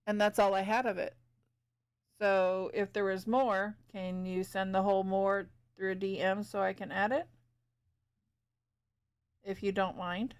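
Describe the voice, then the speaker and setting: A woman's voice: medium pitch, level tone, unhurried, pauses often, clean tone. A woman streamer chatting casually with her viewers while she paints and fixes her stream setup. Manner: chatty, talks to chat while working.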